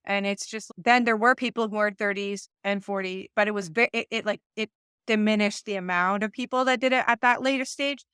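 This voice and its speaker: A woman's voice: mid-range voice, steady tone, brisk, fairly bright tone, smooth, dry recording, clean studio sound. A woman in her forties co-hosting a conversational faith podcast, talking things through with lots of asides and restarts. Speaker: podcast co-host. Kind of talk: casual conversational podcast chat.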